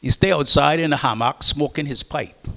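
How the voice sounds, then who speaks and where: A man's voice: a little high, normal speed, gravelly, sharp tone. Older Caymanian man telling sea stories. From Cayman Islands. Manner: rambling, repeats words and restarts, acts out quotes. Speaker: former seafarer speaking to an audience. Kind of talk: storytelling talk. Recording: reverberant hall.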